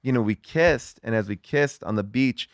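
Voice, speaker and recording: A middle-aged man chatting as a guest, telling a story in a lively way with lots of fillers and some swearing. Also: mid-range voice, normal speed, dry recording, clean studio sound. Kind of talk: casual chat.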